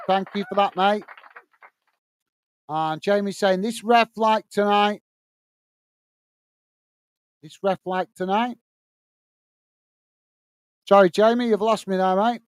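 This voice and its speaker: A man's voice: high-pitched, a little hiss or hum. A British man hosting a live football watch-along stream, reading viewers' chat comments aloud in a friendly way and calling them mate.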